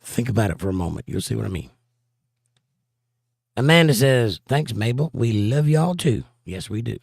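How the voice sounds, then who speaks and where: A hoarse man hosting a casual livestream, reading chat comments aloud and joking around. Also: mid-range voice, expressive, normal speed, a little mellow, no echo, clean studio sound. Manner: joking, playful banter.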